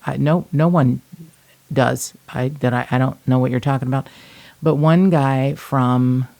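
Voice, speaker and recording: Gravelly-voiced woman podcast host. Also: extremely low pitch, steady tone, measured pace, mellow. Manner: blunt, salty storyteller. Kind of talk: casual true-crime podcast chat.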